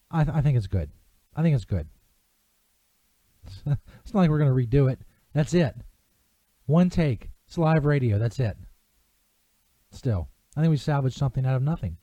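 Laid-back radio host with a dark tone. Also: male voice, mid-range voice, dry recording, muffled recording. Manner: laughing, exasperated, casual swearing. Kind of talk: live comedy radio banter. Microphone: studio microphone.

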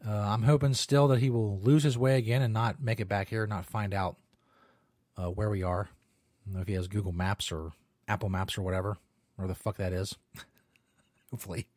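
A man's voice: lowish voice, steady tone, moderate pace, long pauses, darkish tone, no room sound, studio quality. A man hosting a comedic podcast, talking in a crude, offhand, joking way. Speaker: podcast host. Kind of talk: casual comedic podcast talk.

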